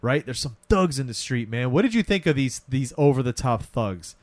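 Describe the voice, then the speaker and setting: A man's voice: mid-range voice, lively intonation, normal speed, a little mellow, dry recording. A man co-hosting a casual film discussion, recapping scenes in a laid-back, slangy way. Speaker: podcast co-host.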